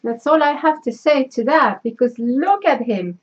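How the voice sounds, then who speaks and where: A woman with a high, animated voice and a French accent chats at a moderate pace in a craft vlog, with the highs cut off in the audio. Opening gifts in a casual unboxing, she is effusive and sentimental, gushing her thanks.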